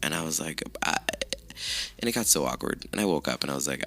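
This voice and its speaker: A man hosting his own podcast, chatting casually with lots of swearing and self-mockery, his voice rough with morning allergies. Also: extremely low pitch, animated, fairly quick, long pauses, fairly bright tone. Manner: chatty, profane, self-mocking. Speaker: podcast host. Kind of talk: casual solo podcast chat.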